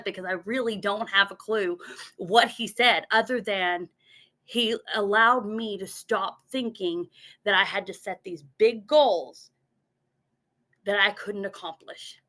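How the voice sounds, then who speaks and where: A woman's voice: mid-range voice, normal speed, bright, forceful tone. A woman giving a motivational talk from her notes, earnest, repeating words as she goes and acting out her own inner voice.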